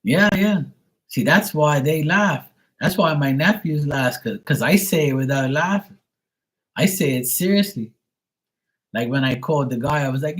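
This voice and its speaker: A man's voice: medium pitch, lively intonation, normal speed. A man from Bermuda, chatting casually on his livestream and telling stories, swearing freely and imitating how his friends talk. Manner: storytelling, profane, mimics friends' slang. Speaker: live tarot reader and streamer.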